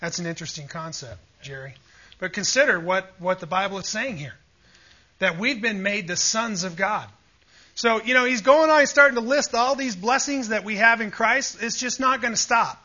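A man's voice: sits high, normal speed, sharp tone, highs cut off. A man preaching a sermon with emphatic, fervent delivery, often calling out to his listeners for agreement. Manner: emphatic, rising to fervent peaks, asks the audience "Amen?".

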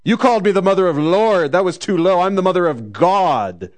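A man's voice: high voice, measured pace, smooth, voice pushed up. A man putting on the voice of a giddy, boastful young pregnant woman, gushing and bragging.

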